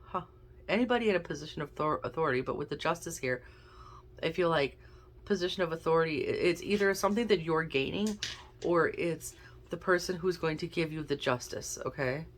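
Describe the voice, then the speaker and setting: A woman's voice: low-pitched, fairly quick, a little hiss or hum. Chatty woman giving a card reading. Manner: chatty, thinks aloud while drawing cards. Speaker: intuitive card reader. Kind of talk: casual tarot and oracle card reading.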